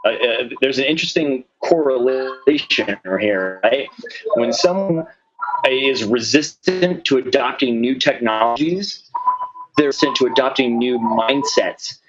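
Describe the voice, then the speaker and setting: A man's voice: mid-range voice, expressive, a little slow, muffled recording, noisy background. A man co-hosting a casual chat, chiming in with short reactions and questions.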